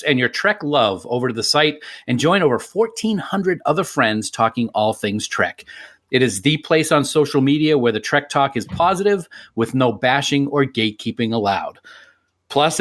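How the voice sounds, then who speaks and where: Guy cohosting a podcast, jokey, runs thru the promo stuff fast. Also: mid-range voice, a bit bright. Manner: playful, reads promos briskly. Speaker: podcast co-host. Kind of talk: casual podcast banter.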